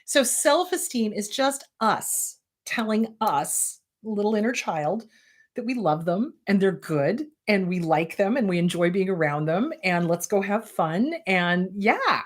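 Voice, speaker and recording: Answering viewers' questions on her casual advice show, this woman therapist and host is blunt and emphatic, speaking at a measured pace. Her pitch rises and falls widely across phrases, which makes her sound animated and lively.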